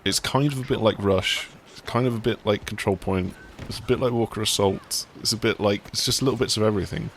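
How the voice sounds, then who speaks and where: A man's voice: fairly low pitch, fairly quick, hardly any pauses, a little hiss or hum. A man hosting a casual video game chat, talking in a rambling, enthusiastic way. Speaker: gaming site host.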